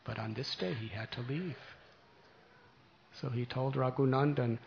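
Gravelly preacher telling a devotional tale. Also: male voice, medium pitch, a little slow, dull audio, background noise. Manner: gentle, animated storytelling. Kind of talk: devotional storytelling sermon.

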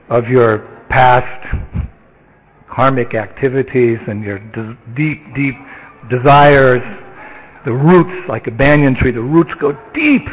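A man giving a sermon in a conversational storytelling way, with the odd chuckle. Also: medium pitch. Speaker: spiritual teacher. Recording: tinny phone-like line.

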